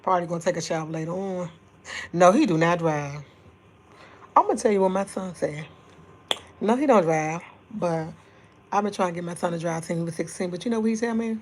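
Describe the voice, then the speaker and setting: A woman's voice: on the low side, fairly quick, long pauses, slight background noise. A middle-aged woman, chatting casually and rambling with livestream viewers and laughing often. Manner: speaking softly at times to keep quiet. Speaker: livestream host.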